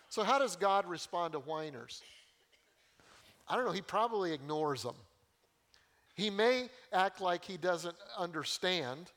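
An older male pastor preaches with folksy humor and passion. His voice sits fairly high for a man. He swings between warm joking and earnest pleading. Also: lively intonation, a little slow, pauses often. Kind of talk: sermon.

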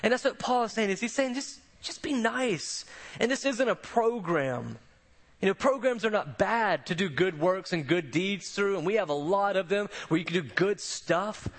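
A man's voice: high voice, expressive, normal speed. A man preaching a sermon, telling stories in a conversational way and often repeating words as he goes. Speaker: pastor.

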